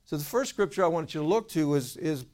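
A man's voice: fairly high pitch, lively intonation, quick pace, a little mellow. A man preaching and telling a healing testimony in a folksy storytelling way, acting out the dialogue. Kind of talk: sermon with a personal testimony.

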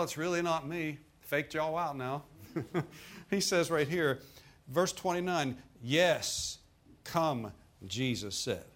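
A man preaching with a folksy, playful manner. His voice sits at an everyday middle pitch, and he laughs often while telling the story. He keeps swinging from easy asides to loud, dramatic lines. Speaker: pastor. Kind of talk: sermon.

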